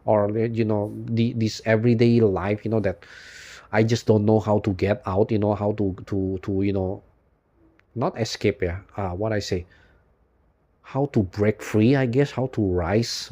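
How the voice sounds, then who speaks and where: A man talking in an unscripted monologue for his channel, rambling and weary, filling every pause with "you know" and swearing often. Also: fairly low pitch, fairly even intonation, dark tone. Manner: weary, despondent and emotional. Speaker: YouTube channel host.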